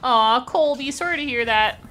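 A young Canadian woman streams a game, keeping up a casual, encouraging chat; she's bubbly and laughs often. Her high-pitched voice is bright and forceful at a moderate pace, with a little hiss or hum on the audio.

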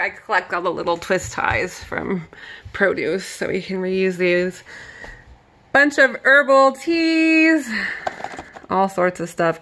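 Walking through her home kitchen, a vlogger in her thirties chats casually with viewers during a pantry tour and laughs a lot. She has a mid-range, slightly bright voice.

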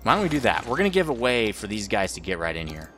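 A man's voice: fairly low pitch, very animated, fast, a bit bright, faint music behind. A man rambling through let's play commentary as the host of a gaming channel, joking about his own mistakes.

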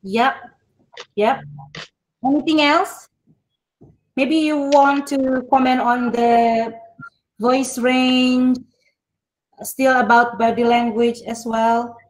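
A woman's voice: sits high, takes it slowly, pauses often, slight background noise, low-quality recording. Indonesian-accented woman lecturing online. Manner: switches between English and Indonesian, expressive. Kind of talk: online class teaching.

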